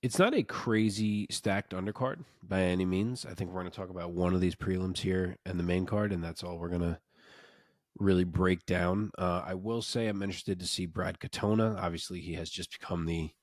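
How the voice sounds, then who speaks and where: A man's voice: low voice, fairly even intonation, moderate pace, no room sound, clean studio sound. A man co-hosting a casual sports podcast, analytical and enthusiastic, often restarting his sentences.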